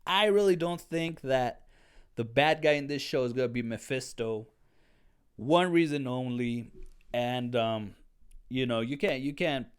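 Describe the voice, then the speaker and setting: A man giving a casual, excitable review of a TV episode, rambling and slangy, often saying "dude". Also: mid-range voice, clear, resonant tone. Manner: excitable, with many restarts.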